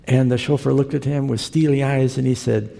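A man delivers a sermon in a gravelly, darkly mellow voice, moving between scripture and a told story in an earnest, conversational manner. His words ring out with the long reverb of a large hall. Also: mid-range voice, steady tone, a little fast. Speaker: preacher.

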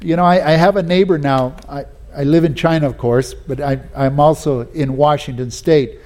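A man's voice: a little high, steady tone, moderate pace, darkish tone. Folksy preacher man telling stories. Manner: folksy storytelling, many "you know"s and restarts. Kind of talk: sermon with personal anecdotes.

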